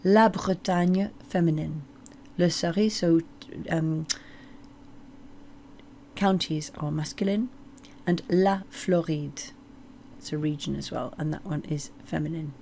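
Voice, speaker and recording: A woman teaching French place names, slowly modeling each word. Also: sits low, vocal fry, warm tone, slight background noise. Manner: slow, deliberate modeling of French words. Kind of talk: explanatory language lesson.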